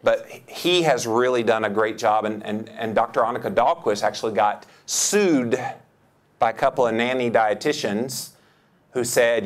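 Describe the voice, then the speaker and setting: A man giving a lively, joking seminar talk, jumping up in pitch for emphasis. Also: normal speed. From United States. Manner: enthusiastic, joking, with big pitch jumps for emphasis. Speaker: seminar speaker. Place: lecture hall.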